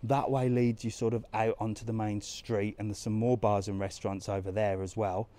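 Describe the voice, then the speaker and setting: Chatty man with a mellow voice on a walk. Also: fairly low pitch, level tone, normal speed. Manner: chatty, points things out, answers live comments. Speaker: travel vlogger on a live walk. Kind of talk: casual live walking chat. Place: outdoors in a resort town streets and squares.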